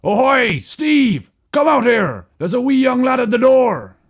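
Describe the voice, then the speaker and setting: Brief: booming storybook pirate boss, high and swooping, gravelly, drawn-out bellows. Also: male voice, sing-song, exaggerated voice. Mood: hearty. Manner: loud hearty pirate talk, bellowing. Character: portly boisterous male pirate club leader, boozy. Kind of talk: audiobook character acting.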